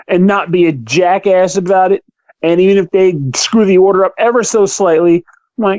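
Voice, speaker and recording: A man hosting a podcast in casual chat, ranting with animated delivery and acting out quoted exchanges. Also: high-pitched, moderate pace, dry recording. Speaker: podcast host. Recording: dull lo-fi sound, dry.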